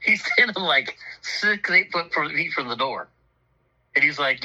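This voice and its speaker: Husky, laughing storyteller man. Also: fairly high pitch, animated, unhurried, pauses often, pushed and bright, low-quality recording. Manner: profane, laughing often, acts out voices in his story. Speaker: storyteller on a talk show. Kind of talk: casual storytelling.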